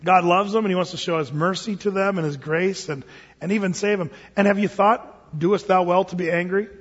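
A man's voice: high-pitched, fairly quick, breathy edge. A middle-aged man preaching a sermon as pastor, conversational with joking asides. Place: church sanctuary. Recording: dull sound with long hall reverb.

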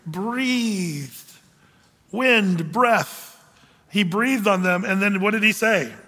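A man's voice: high voice, sharp tone. A man preaching as pastor, teaching through a Bible passage in a conversational way, with frequent ums and questions put to the congregation. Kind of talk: verse-by-verse Bible teaching sermon. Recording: long hall reverb.

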